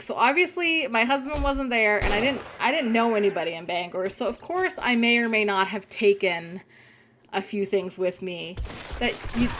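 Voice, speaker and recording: A woman's voice: mid-range voice, a little hiss or hum. A young woman, chatting casually on a gaming live stream, telling stories and swearing freely. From Canada. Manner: chatty storyteller, swears freely, reads chat aloud.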